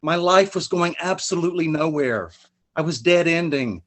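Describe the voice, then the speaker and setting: A man's voice: on the high side, expressive, normal speed, fairly bright tone. A man, a poet and spoken word artist, introducing himself and then performing a dramatic spoken word piece over a video call.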